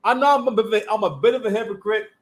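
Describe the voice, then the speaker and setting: A man hosting a reaction commentary, animated and emphatic, talking in street slang. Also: high-pitched, very fast. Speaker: commentary channel host.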